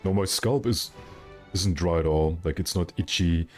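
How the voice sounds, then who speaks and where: A man's voice: low voice, normal speed, faint music behind. A man streaming a game, chatting casually with his viewers in a joking, self-mocking, rambling way. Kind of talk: casual live-stream chat.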